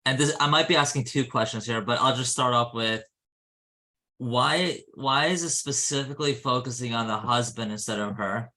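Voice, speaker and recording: A man with a bright, forceful voice at mid pitch asks questions during a class. His talk rambles, filled with "like" and "you know.". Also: normal speed. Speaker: class participant. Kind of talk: casual class discussion.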